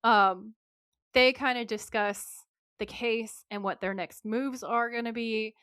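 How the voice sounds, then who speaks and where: A woman's voice: on the high side, steady tone, takes it slowly, a bit bright, clear, resonant tone, no room sound, studio quality. A woman, co-hosting a podcast and animatedly recapping an episode, acting out quotes from her notes. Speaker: podcast co-host. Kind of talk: casual recap chat.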